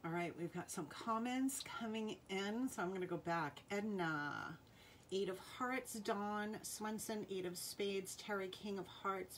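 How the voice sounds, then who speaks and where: Rhode Island woman hosting a live jewelry sale; unhurried, friendly chatter, calls out names and cards, faint room hum. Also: medium pitch. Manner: chatty, reads out viewer names and playing cards. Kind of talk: live-stream sales chat.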